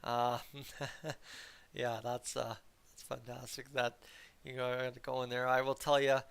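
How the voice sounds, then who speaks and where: Brief: young Canadian man, nasal and bright, fan play-by-play streamer, flat delivery. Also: mid-range voice, slow, vocal fry, smooth. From Cold Lake, Alberta, Canada. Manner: rambling, chatty, gets loud on shots. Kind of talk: live fan play-by-play with chat banter.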